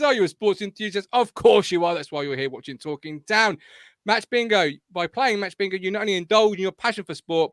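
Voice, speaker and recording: A man's voice: high-pitched, fairly bright tone, no room sound, studio quality. A man hosting a live fan show, chatting and reading sponsor plugs with enthusiasm. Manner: upbeat, reads plugs out enthusiastically. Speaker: host.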